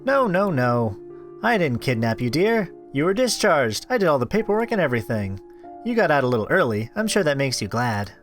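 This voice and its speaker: A man's voice: fairly high pitch, very animated, a little fast, faint music behind. A man voicing a sweetly menacing young female stalker with a cloying, singsong manner. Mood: sugary. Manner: cloying, singsong, mock-cheerful. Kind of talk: voice-acting a visual novel.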